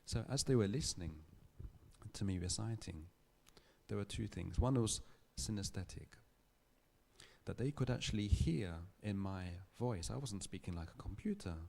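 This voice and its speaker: A man giving a public lecture, telling a story in a thoughtful, measured way with small restarts. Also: fairly low pitch, animated, creaky, a little mellow. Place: lecture hall.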